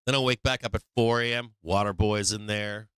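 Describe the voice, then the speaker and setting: A man's voice: fairly low pitch, steady tone, fairly quick, a bit bright, smooth, no room sound. Profane, rambling man hosting a stream. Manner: profane, rambling, talks to chat viewers. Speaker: stock market livestream host. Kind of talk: casual livestream chat.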